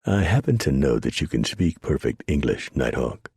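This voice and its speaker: Stuffy missionary, man reading, proper lecturing tone, very low and gravelly. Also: big pitch swings, normal speed, darkish tone, no room sound, studio quality, heavily acted. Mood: scolding. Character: prim exasperated missionary man.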